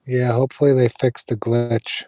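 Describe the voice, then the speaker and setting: Man, casual live-stream chat, mellow dark voice, dry close mic, rambling. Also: medium pitch, normal speed, no room sound. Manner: relaxed, rambling, frequent fillers and restarts. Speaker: streamer chatting with viewers.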